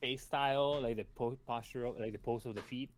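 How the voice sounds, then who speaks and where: A man's voice: medium pitch, fairly even intonation, moderate pace, very noisy. Laid-back rambling man co-streamer. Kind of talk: casual live-stream chat.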